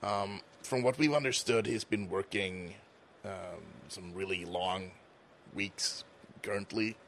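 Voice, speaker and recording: A man playing a tabletop game over a voice call, speaking in a halting, filler-laden way. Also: sits low, fairly bright tone, a little hiss or hum. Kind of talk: in-character chat on a voice call.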